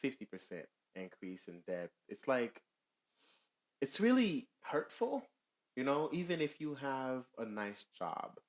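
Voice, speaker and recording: A man co-hosting a casual podcast, explaining his point with fillers and pauses to find words. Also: medium pitch, animated. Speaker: podcast co-host.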